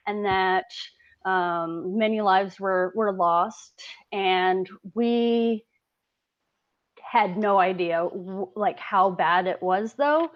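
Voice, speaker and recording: A woman's voice: medium pitch, dull audio. A woman in her thirties, a Coast Guard veteran, telling stories candidly in a casual interview, laughing often and swearing freely.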